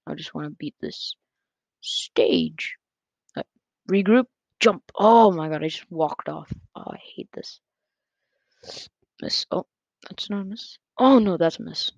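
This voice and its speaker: A gaming YouTuber giving casual, excitable play-by-play commentary on a close mic that picks up breathing, with quick self-corrections. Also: mid-range voice, gravelly, no echo. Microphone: close desk mic picking up breath. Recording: dull lo-fi dry sound.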